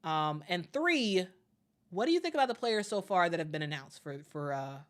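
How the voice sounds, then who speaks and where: A woman's voice: lowish voice, big pitch swings, normal speed. A woman hosting a live stream, chatting casually with viewers, full of fillers and repeated words, upbeat when she thanks people. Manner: friendly, upbeat when reading viewer messages.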